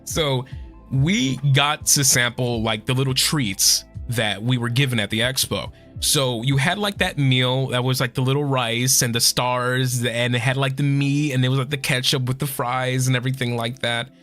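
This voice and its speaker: A man's voice: mid-range voice, normal speed, fairly bright tone, faint music behind. A young man streaming casual chat, tearful and swearing a lot as he thanks his viewers.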